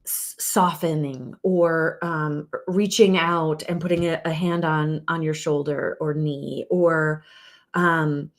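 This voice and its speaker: A woman relationship coach teaching in an earnest, loose way, with many fillers and restarts. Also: lowish voice. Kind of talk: casual teaching talk.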